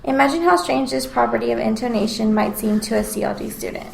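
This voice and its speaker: A woman's voice: a little high, steady tone, fast talker, vocal fry, echoey room, slight background noise, low-quality recording. A woman student reading a prepared class presentation in an explanatory way. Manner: explanatory, reads prepared text.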